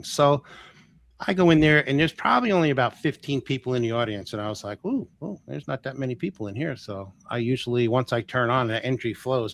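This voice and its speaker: Animated man telling a story. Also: mid-range voice. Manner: animated, acts out quoted dialogue. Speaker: guest healer. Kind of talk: casual storytelling.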